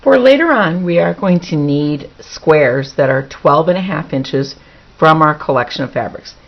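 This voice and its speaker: A woman's voice: sits low, animated, normal speed, vocal fry. Chatty woman demonstrating quilting. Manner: chatty, talks through each step, repeats words for emphasis. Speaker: quilting instructor. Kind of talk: hands-on sewing demonstration. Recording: dull lo-fi recording.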